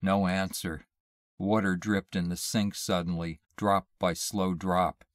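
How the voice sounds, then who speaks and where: Slow, low-voiced male storyteller. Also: little pitch movement, dry recording. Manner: slow, measured and hushed. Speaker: narrator. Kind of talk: dramatic reading of a horror short story. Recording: dry close mic, audio only.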